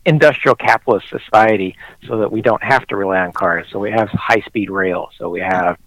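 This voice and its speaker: A man's voice: on the low side, a little fast, fairly bright tone, no room sound, low-quality recording. A middle-aged man talking casually and eagerly as a podcast guest about his gardening, often restarting his words. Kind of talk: casual conversation.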